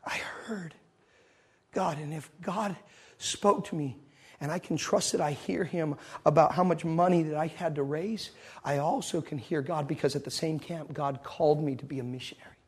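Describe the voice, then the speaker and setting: A man delivers a sermon to a congregation in a slightly husky voice. He tells a story, then swings from loud, driving lines to hushed, intimate ones, and laughs along with the room. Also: a little high, moderate pace. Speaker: preacher.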